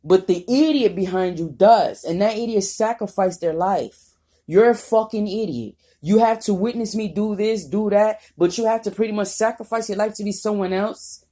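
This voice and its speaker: A woman's voice: medium pitch, normal speed, mellow. A woman vlogger talking off the cuff in a rambling, profane, confrontational rant. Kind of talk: unscripted vlog monologue.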